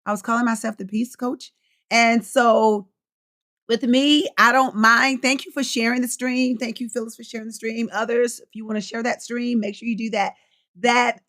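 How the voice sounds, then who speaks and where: A woman's voice: on the high side, a bit bright. A middle-aged woman coaching and hosting a casual livestream, chatting freely, reading out viewer comments and laughing often.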